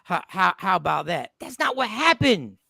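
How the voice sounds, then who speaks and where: Gravelly, bright-voiced male debate host. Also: sits high, very animated, moderate pace, no echo. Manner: forceful, argumentative, interrupts often. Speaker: show host. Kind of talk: heated panel debate.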